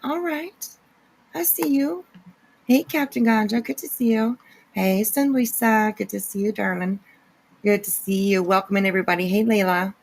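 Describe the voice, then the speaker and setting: A woman's voice: mid-range voice, moderate pace, gravelly, poor audio. A woman hosting a casual livestream, greeting chatters by name with giggly asides. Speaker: livestream host. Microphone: no camera, voice only.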